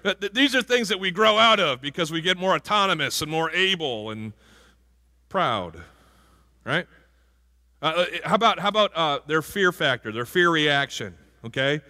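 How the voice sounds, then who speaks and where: Bright-voiced man preaching in an echoing church. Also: fairly high pitch, animated, moderate pace. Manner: conversational, asks the congregation questions. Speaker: pastor. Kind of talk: sermon. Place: church sanctuary. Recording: hall reverb from a church.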